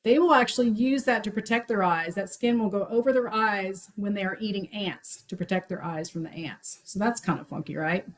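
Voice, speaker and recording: A woman's voice: medium pitch, fairly quick, few pauses, rough recording. A woman giving a chatty, enthusiastic talk on frog calls as a wildlife outreach coordinator, with many fillers.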